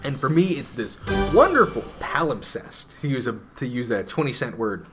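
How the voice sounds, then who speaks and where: A man's voice: mid-range voice, very animated, normal speed, music in the background. A man co-hosting a podcast, talking through films in a thoughtful, analytical way with many fillers. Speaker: podcast co-host. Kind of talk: casual chat.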